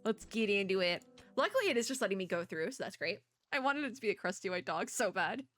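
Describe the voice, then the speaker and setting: A young woman VTuber doing let's play commentary, excitable, gushing and giggly, recorded at a home setup on a desk microphone. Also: mid-range voice, fast talker, faint music behind. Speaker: VTuber gamer.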